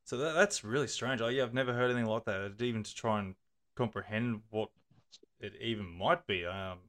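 Aussie guy host, lowish voice, relaxed questions. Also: fairly quick, no echo, studio quality. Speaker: podcast host. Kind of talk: casual interview.

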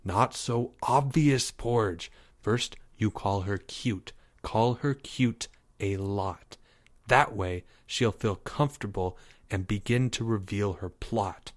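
A man's voice: on the low side, slow pace, dry recording, clean studio sound. A man doing a stern, bossy schoolboy. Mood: snapping. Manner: snapping, stern, commanding. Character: bossy, stern fifth-grade boy ringleader.

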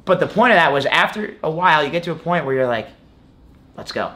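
A young man, a college wrestler appearing as an interview guest, talks casually in a fairly high, animated voice with a sharp tone and a quick pace. He rambles, leaning heavily on fillers like "like" and "you know."

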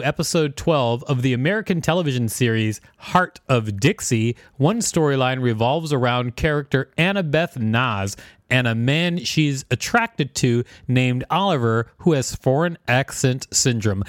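A man's voice: expressive, a little slow, no room sound, studio quality. A man co-hosting a podcast, reading facts aloud and joking around in casual chat. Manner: jokey, reads aloud with playful pitch swings. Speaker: podcast co-host.

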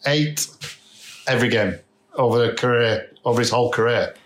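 A man's voice: mid-range voice, moderate pace. A man chatting enthusiastically about football on a podcast, often restarting and repeating his words. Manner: enthusiastic, repetitive, trailing restarts. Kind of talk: casual football chat. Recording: roomy echo.

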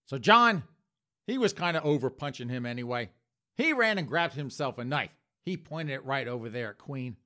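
A man's voice: mid-range voice, sing-song, a little fast, pushed and bright. A man telling a comic story in a punchy way, addressing his audience as folks. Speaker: comedian. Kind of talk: comedic storytelling.

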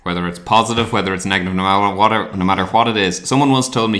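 A man's voice: fairly low pitch, steady tone, very fast, a bit bright. A man hosting a podcast, chatting casually and laughing often. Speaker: podcast host. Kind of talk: casual chat.

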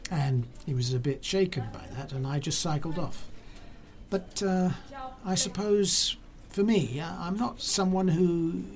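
A hospital worker telling an anecdote for a documentary, chatty and animated. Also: mid-range voice.

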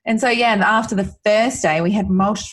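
Husky-voiced woman, earnest and heartfelt. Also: mid-range voice, a little fast. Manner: earnest and heartfelt, many fillers and restarts. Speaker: guest, mother sharing her son's recovery. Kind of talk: emotional podcast conversation.

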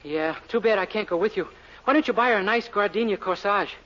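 A man's voice: high voice, a little fast, a bit bright. A man playing a breezy, wisecracking young fellow posing as his boss, in 1940s radio comedy acting. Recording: dull 1940s radio broadcast, faint hiss.

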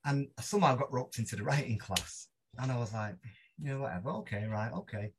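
A man's voice: mid-range voice, fast, a little hiss or hum. A man with a Mancunian accent, a podcast guest, telling stories in a rambling, self-deprecating way with many restarts. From Manchester, England. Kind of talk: casual interview chat.

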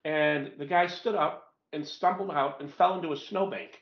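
Animated storytelling man, roomy dull audio. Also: fairly high pitch, normal speed. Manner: animated, jokey, interrupts to add details. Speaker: communications consultant guest. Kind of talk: casual storytelling with wife.

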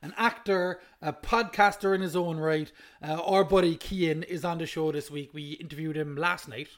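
A man's voice: a little high, steady tone, normal speed. A man co-hosting a podcast, chatting playfully and laughing often. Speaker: podcast co-host. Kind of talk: casual chat.

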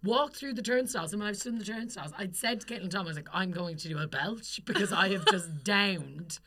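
Her voice medium in pitch and a bit bright, this young Irish podcast co-host spins stories through relaxed, profanity-laced conversation. Quick laughs punctuate her chatty delivery.

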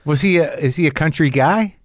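Man asking quick, wry interview questions. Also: a little high, dry recording, studio quality. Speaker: podcast host. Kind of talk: casual interview chat.

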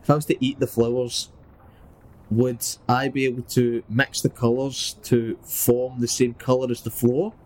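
A man's voice: medium pitch, little pitch movement, measured pace, a little mellow, a little hiss or hum. Chatty man at a game table. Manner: playful, chatty. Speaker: player. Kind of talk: casual tabletop game chat.

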